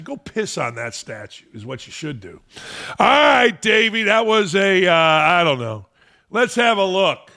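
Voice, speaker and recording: A man's voice: high voice, big pitch swings, a little slow, pushed and bright. A man hosting a sports-talk podcast, ranting in a blunt, profane, combative way. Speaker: podcast host.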